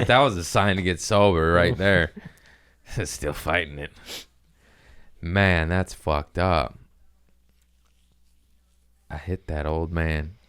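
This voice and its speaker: A man with a low voice hosts a comedy podcast and tells a loose story. He swears freely, gets animated and slips into quick impressions as he talks. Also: smooth. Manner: profane, animated, jumps into voices.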